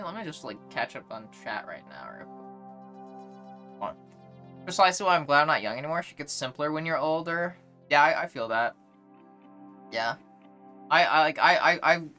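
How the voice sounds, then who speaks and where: A woman's voice: deep voice, bright, forceful tone. A young woman streamer ranting in a rambling, profane, exasperated way as she chats and reads her chat. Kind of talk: casual livestream rant, reading chat.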